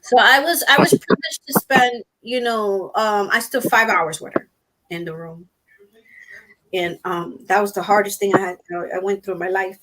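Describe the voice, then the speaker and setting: A middle-aged woman in casual chat on a stream panel, talking softly and haltingly with many fillers. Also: mid-range voice, rough recording.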